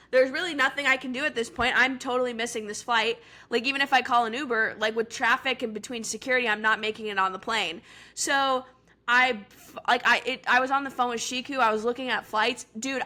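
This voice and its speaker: A podcast co-host in her twenties tells a story in casual chat. Her voice sits a little high, with a forceful, bright edge. She talks in a chatty way and fills her sentences with "like.". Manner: chatty, full of "like" fillers.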